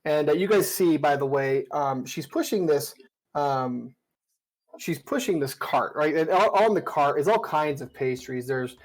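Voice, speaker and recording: A man's voice: on the high side, expressive, a little slow, poor audio. A man narrating as dungeon master in a casual, rambling way, with many fillers and restarts. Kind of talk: narrating a tabletop game.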